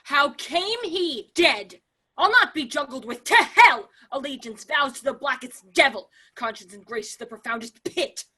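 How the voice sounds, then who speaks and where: Actress as a vengeful young man, bright and high, fierce outbursts and hushed vows. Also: expressive, moderate pace, poor audio. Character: Laertes, furious young man seeking revenge. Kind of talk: amateur remote play reading.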